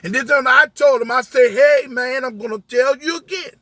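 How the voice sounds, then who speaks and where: A man with a very high voice and a bright, forceful edge tells a rideshare story as a heated rant. His tone is husky and the sound is dry and close. He keeps restaging the argument with line after quoted line. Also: moderate pace, dry recording. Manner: emphatic, retells arguments with many "I said" quotes. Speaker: rideshare driver.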